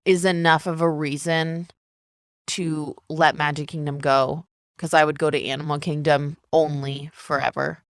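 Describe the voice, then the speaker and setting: Low, smooth-voiced woman podcaster. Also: little pitch movement, a little slow, no echo, clean studio sound. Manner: enthusiastic, decisive opinions. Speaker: podcast co-host. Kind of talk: casual chat.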